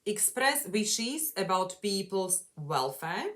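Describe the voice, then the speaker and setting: A woman's voice: medium pitch, big pitch swings, slow pace, fairly bright tone. A woman English coach leading a grammar lesson, setting out each point and backing her co-host with frequent "mm-hmm"s.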